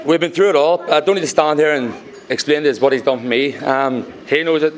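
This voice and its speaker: A young man giving a groom's wedding speech to guests at a reception, halting with many ums, turning teary between jokes. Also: fairly high pitch, a little hiss or hum.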